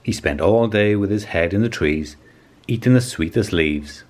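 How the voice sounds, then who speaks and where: Deep-voiced man reading a children's story. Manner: calm, measured storytelling. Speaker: storybook reader. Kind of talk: reading a children's picture book aloud.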